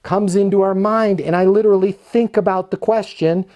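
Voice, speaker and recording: A middle-aged man teaches sales technique with punchy emphasis, and his voice sits somewhat high for a man. He talks straight to the viewer and acts out snippets of phone calls along the way. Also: moderate pace. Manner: energetic, emphatic, acts out both sides of calls. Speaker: leasing sales trainer. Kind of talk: instructional talk with role-played phone calls.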